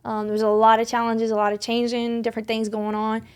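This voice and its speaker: A woman's voice: fairly high pitch, monotone, fast talker, a little mellow, clear, resonant tone. A young woman guest on a podcast, earnestly telling a faith story in conversation, rambling with many restarts and fillers. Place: podcast studio.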